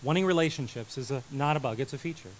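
A man in his thirties preaching a sermon, animated, moving from loud emphasis to quiet intensity. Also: mid-range voice, quick pace, slight background noise, low-quality recording. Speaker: pastor.

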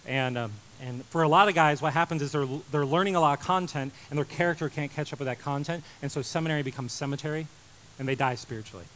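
A man in his thirties preaching a sermon, animated, moving from loud emphasis to quiet intensity. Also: a little high, fast talker, a little hiss or hum, low-quality recording. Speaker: pastor.

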